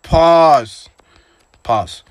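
A man casually commentating his own game, excitable and trash-talking, jumping from high yelps to muttered grumbles. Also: extremely slow, a little hiss or hum. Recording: game gunfire and sounds behind voice.

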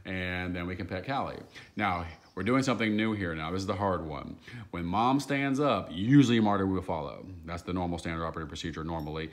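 A man with a very low voice explains a drill to his viewers in a loose, chatty way, full of fillers and restarts. He works as a dog trainer and talks the owner through each step at home. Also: a little fast. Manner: chatty and rambling, with fillers and repeats. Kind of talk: casual instructional explanation to viewers.

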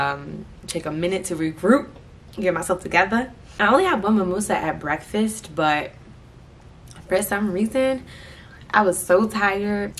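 A woman's voice: lowish voice, a bit bright, slight background noise. A young woman from Pennsylvania chatting playfully to her viewers in a casual vlog. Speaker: vlogger. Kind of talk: casual vlog chat to camera.

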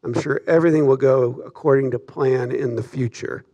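A preacher putting on an offhand, breezy Jesus, talking easily to an old friend with a slightly gravelly voice. The lines sit inside a sermon and stay close to the man's everyday speaking voice. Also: medium pitch, fairly even intonation, moderate pace, dark tone, highs cut off, natural voice. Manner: breezy, casual quoted speech inside a sermon.

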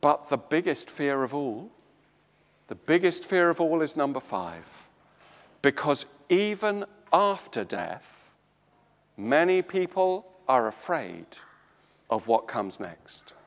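An English man preaching a slow, emphatic sermon in a church. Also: sing-song, big-room sound. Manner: slow, emphatic preaching with dramatic swings of pitch and volume.

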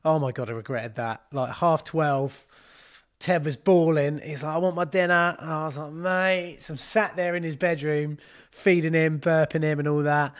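Bloke in his 40s, rambly live chat, swears a lot, fairly high voice. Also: fairly even intonation, moderate pace. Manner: rambling and chatty with frequent swearing. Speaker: plumber and channel host. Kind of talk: casual live-stream chat.

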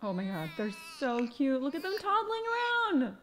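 Woman host, high voice, unhurried let's-play chatter with loud exclamations, noisy background. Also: sing-song. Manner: exclaiming, laughing, talking to herself. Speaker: gaming video host. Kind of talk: casual let's-play commentary. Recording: background noise.

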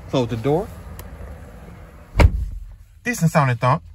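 A man's voice: mid-range voice, very animated, slow, background noise. A man reviewing a pickup truck at a dealership, calling out its features in short, casual phrases. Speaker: car reviewer. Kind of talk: casual car walkaround commentary. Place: car dealership lot and inside a truck.

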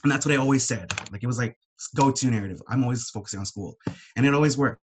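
A man's voice: medium pitch, fast talker, background noise. Emotional young man sharing openly. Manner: heartfelt, swears when upset. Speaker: panelist.

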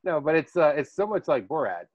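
This podcast host talks casually, rambling through stories and laughing often. His voice is a little high and slightly rough, with a brisk, sing-song delivery, captured in a dull, dry lo-fi recording.

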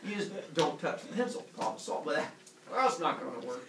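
A man's voice: fairly quick, background noise. A man teaching a class, telling a myth as a comic story and putting on silly voices for the characters. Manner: animated, puts on squeaky voices for characters. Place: classroom with students. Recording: echoey room, far from mic, students audible.

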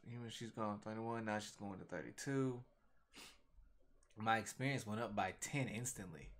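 Man, casual reaction commentary, slangy and animated, mid-pitched, desk mic. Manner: animated, slangy, reads comic lines aloud. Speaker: webcomic reaction YouTuber. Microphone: desktop USB microphone.

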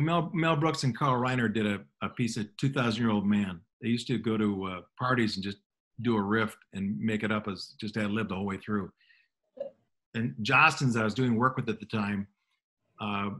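A middle-aged man, a motivational speaker, telling relaxed self-deprecating anecdotes in conversation. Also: on the low side. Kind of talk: storytelling in a radio conversation.

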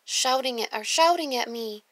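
A woman voicing a sweet, muddled little preschool boy with a high, excited, childlike delivery. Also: normal speed, dry recording.

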